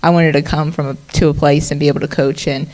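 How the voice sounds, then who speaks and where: A woman's voice: sits low, flat delivery, fast talker, a little mellow. A woman volleyball coach from Alabama, speaking earnestly about her faith on a panel. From Alabama, US South. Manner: earnest, reflective, some restarts. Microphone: handheld mic.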